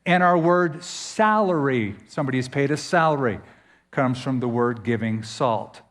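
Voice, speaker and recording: A man preaching a sermon as pastor, emphatic, with dramatic pauses and sudden swings in pitch. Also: big-room sound.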